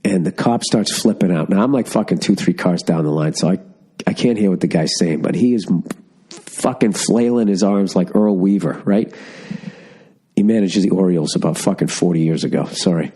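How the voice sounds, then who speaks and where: On his solo podcast, a middle-aged Massachusetts man with a deep, slightly breathy voice rants and tells stories at a moderate pace, stuffy and congested from a cold. He's profane and animated, tossing in asides, and he's recorded on a studio podcast mic.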